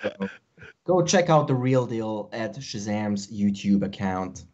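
A man's voice: lowish voice, expressive, slow, darkish tone, dull audio. Enthusiastic man thanking stream viewers. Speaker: co-host of a beatbox reaction stream. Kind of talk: casual livestream chat.

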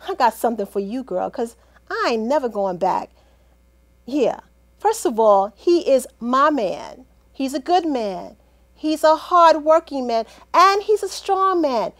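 A high-voiced woman with a lively, swooping delivery, acting out a one-woman comedy skit. She plays every scene herself, talking to partners no one hears, with sassy, dramatic flair. Her voice jumps around a lot as she reacts.

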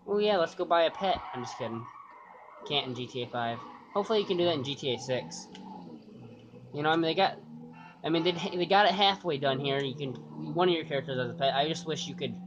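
A man giving loose, rambling gameplay commentary, cursing casually and thinking aloud. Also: fairly high pitch. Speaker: gaming YouTuber. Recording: dull lo-fi sound with clear noise.

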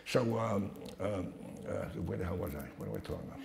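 A man's voice: sits low, sing-song, quick pace, gravelly, darkish tone. An older man telling blunt, profane stories to an audience, stammering and restarting as he goes. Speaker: speaker at a talk. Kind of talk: anecdotal storytelling talk. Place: hall with a live audience. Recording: echoey hall with some noise.

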